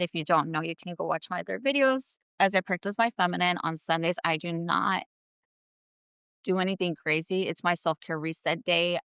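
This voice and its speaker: A woman's voice: fairly low pitch, a bit bright, clear, resonant tone, no echo, clean studio sound. A woman hosting her own show, delivering an earnest motivational self-help monologue from home and repeating affirmations for emphasis. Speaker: podcast host. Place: at home, indoors.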